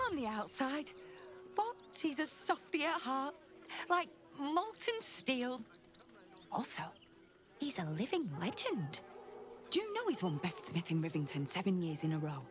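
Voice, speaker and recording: A woman's voice: sits high, sing-song, a little slow. A woman voicing an eager young shop assistant who sells a smith's weapons in a video game, with chirpy sales patter. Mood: cheerful. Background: game music.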